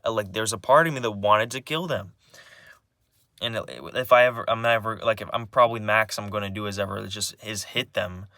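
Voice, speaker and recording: A man's voice: lowish voice, a little fast, bright, forceful tone, no echo, studio quality. A young man speaking in a personal confessional vlog, agitated and rambling, swearing often and restarting his sentences again and again.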